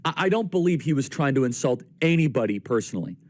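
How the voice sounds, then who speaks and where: A man's voice: mid-range voice, expressive, quick pace, darkish tone. A man giving political commentary, confidently listing points and speaking directly to his viewers. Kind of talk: talk show commentary.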